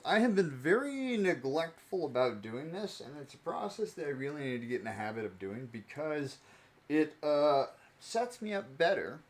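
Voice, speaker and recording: A young man streaming, chatting casually and joking as he sorts cards, laughing often and playing with mock accents. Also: mid-range voice. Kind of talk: casual stream chat while sorting cards.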